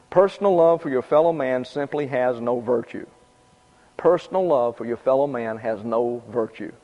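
A man preaching a sermon in a conversational way, repeating his points and adding casual asides. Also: medium pitch. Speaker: pastor. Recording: dull lo-fi sound with long reverb.

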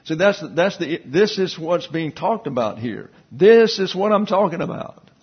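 A man's voice: high voice, lively intonation, a little slow, husky, highs cut off. A man preaching a Bible teaching sermon, explaining verses and tossing in asides and questions to the congregation. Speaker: pastor.

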